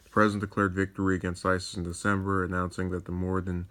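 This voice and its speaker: A man's voice: low voice, level tone, fast, a bit bright. A young man reading news reports aloud and then commenting on them in a sardonic, digressive way, often restarting his sentences. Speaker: political commentator.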